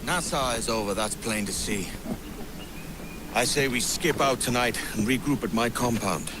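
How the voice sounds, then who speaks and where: A man's voice: mid-range voice, moderate pace, close to an everyday voice. A man playing a cocky Welsh pirate captain. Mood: scheming. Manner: cocky, scheming. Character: brash young male pirate captain. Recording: noisy game audio.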